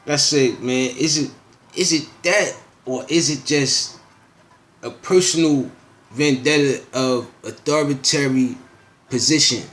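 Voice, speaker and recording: This show host speaks slowly in a medium-pitched, slightly bright voice. He reads news headlines and riffs on them in a loose, slangy, rambling commentary packed with asides and filler phrases.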